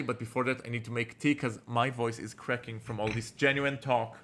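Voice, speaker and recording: A man giving joking, rambling let's-play commentary with halting restarts. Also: mid-range voice, fairly even intonation, fairly bright tone, a little hiss or hum. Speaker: game streamer.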